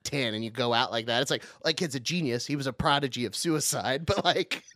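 A young man co-hosting a podcast, chatting loosely and laughing often through dark banter in a small studio. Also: mid-range voice, a little fast, dry recording. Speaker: podcast co-host. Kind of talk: casual chat.

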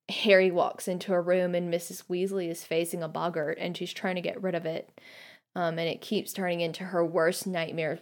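A woman guest-hosting a podcast, talking thoughtfully and earnestly about a book, pausing often with "um". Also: lowish voice. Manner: earnest, thoughtful, frequent hesitations with um. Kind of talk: casual reflective commentary on a book.

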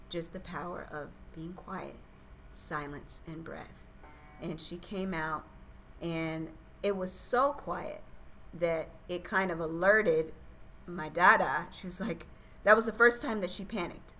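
A young woman with a somewhat low-pitched voice talks as a podcast guest. She tells a personal story candidly and chattily, laughing easily along the way. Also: steady tone, moderate pace, a bit bright, a little hiss or hum, rough recording. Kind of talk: casual birth story telling.

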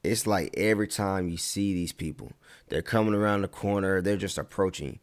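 A man giving a casual motivational talk, animated, stretching words for emphasis and mocking his critics. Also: sits low, brisk.

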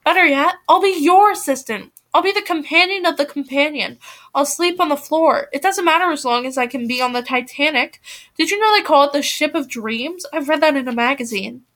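A woman reading the lines of an eager, dreamy younger sister from a novel, pleading and excited. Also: high-pitched, fairly quick, pitched above the performer's own voice.

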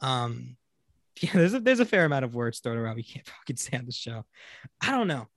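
A man's voice: mid-range voice, big pitch swings, a little fast, dry recording, studio quality. A man co-hosting a casual movie review podcast, hesitant and frank, swearing freely. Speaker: podcast co-host.

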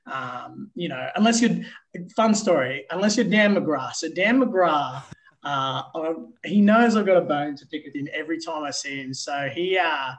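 A man with an Australian accent, a baseball umpire telling stories as a guest, animated and full of fillers. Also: fairly high pitch, moderate pace, rough recording. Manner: animated, filler-heavy storytelling with swearing. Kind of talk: casual interview storytelling.

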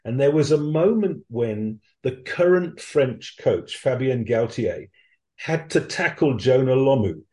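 A man's voice: medium pitch, animated, a little slow, darkish tone, reverberant. A man, a rugby correspondent, answering interview questions in a reflective, anecdotal way, with many ums and restarts.

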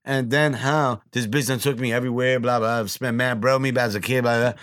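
A man's voice: medium pitch, fairly even intonation, fairly quick, fairly bright tone, no room sound, studio quality. A young man, hosting a podcast, telling crude stories and acting out other people's lines. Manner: profane storyteller who acts out other people's lines. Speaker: podcast host. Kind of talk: crude casual chat.

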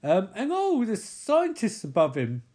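A man giving sarcastic, casual running commentary on a film, swearing and getting excitable as he watches. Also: high voice, a little slow, slightly rough. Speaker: movie reaction commentator. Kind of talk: casual live movie commentary.

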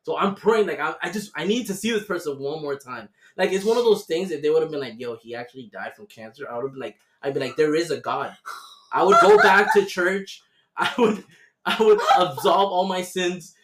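A young man hosting a casual podcast chat, telling animated stories full of swearing. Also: sits high, a little fast. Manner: animated storytelling with heavy swearing. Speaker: podcast host. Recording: roomy echo.

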